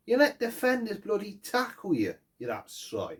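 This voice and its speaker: A man rants angrily about his team after a match, swearing constantly and leaning hard on each point. His pitch leaps up and drops low as he vents. He talks at an unhurried pace. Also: huge pitch swings. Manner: angry, heavy swearing, emphatic. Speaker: football fan vlogger. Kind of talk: post-match fan rant.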